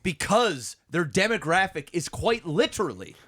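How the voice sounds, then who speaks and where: A man co-hosting a casual gaming podcast, excitable and swearing a lot. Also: high voice, moderate pace, dry recording, clean studio sound. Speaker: podcast co-host.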